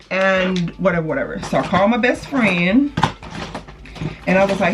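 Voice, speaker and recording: A woman's voice: mid-range voice, animated, normal speed, long pauses, slight background noise. A woman casually telling a personal story on her channel, swearing freely and acting out the people she quotes, while doing her makeup. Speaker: vlogger.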